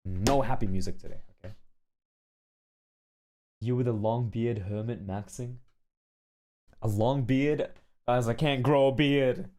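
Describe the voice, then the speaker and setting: A man's voice: medium pitch, a little slow, pauses often, warm tone. A male streamer telling a long story to his chat in a casual, rambling way, often checking in with "okay?" and "right?".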